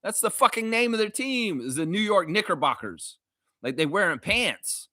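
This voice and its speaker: Canadian dude hosting a live fan stream, bright voice, dry close mic, riffs on viewer comments and swears a lot. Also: male voice, high voice, normal speed, no room sound. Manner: loud, animated, swears freely, reads viewer comments aloud.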